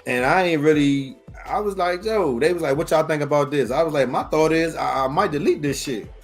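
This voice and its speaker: A man's voice: a little high, brisk, faint music behind. A man in his forties hosting a podcast, talking casually with a profane, exasperated manner. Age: 40s. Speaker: podcast host.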